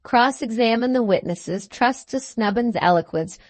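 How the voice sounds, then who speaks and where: A woman voicing a bustling, fussy little male lawyer who talks in a brisk, knowing way. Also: fairly high pitch, a little mellow, no echo, lightly acted. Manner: brisk, knowing, repeats "my dear sir".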